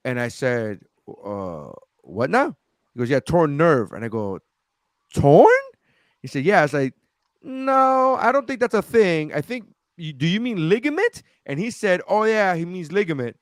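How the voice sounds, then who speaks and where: Animated storytelling man on a podcast. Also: a little high, normal speed, no echo, clean studio sound. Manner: animated, swears a lot, acts out quotes. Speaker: podcast co-host. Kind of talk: casual chat, storytelling.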